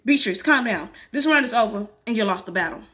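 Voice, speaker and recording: A woman's voice: a little high, lively intonation, quick pace, a bit bright, voice pushed down. A woman reading the lines of a composed therapist leading a group game. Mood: calm.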